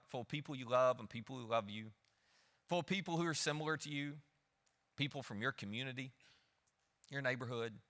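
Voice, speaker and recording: A man preaching a sermon, lively, acting out the people he quotes. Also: medium pitch. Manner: animated, acts out the people he quotes. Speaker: pastor. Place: church hall. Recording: long hall reverb.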